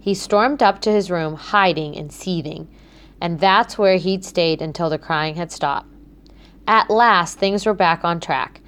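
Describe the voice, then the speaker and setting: A woman narrating a children's book in a clear, measured storytelling manner. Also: on the low side, a bit bright. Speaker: audiobook narrator.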